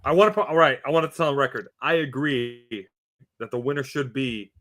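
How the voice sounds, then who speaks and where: A man co-hosting a casual podcast of wrestling predictions, talking in an animated way with theatrical reveals. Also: medium pitch, a little fast. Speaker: podcast co-host.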